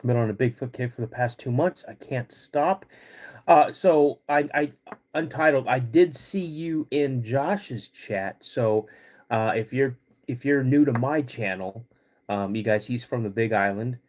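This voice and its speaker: A middle-aged man hosting a casual livestream, laid-back and rambling, clearing his throat often as he gets over a cold. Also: medium pitch, unhurried, a little mellow. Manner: laid-back and rambling, greets chat viewers between stories. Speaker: podcast host.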